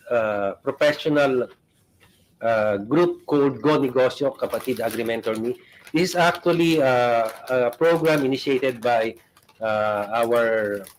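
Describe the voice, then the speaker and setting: Halting guest explaining products. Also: male voice, mid-range voice, slight background noise, poor audio. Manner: halting, many fillers.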